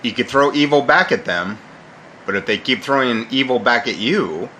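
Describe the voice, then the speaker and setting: A middle-aged man rants straight at his critics in a mocking, combative tone. His voice sits at an ordinary middle pitch. A faint background hum runs under it. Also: moderate pace, bright, forceful tone. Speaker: channel host. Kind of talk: ranting monologue to camera.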